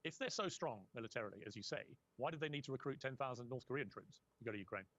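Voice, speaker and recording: A man hosting an interview fires off challenging questions at a very rapid pace and pushes back on his guest. The audio is dry and slightly dull, with a lo-fi edge. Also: mid-range voice, expressive, fairly bright tone, dry recording. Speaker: interview host.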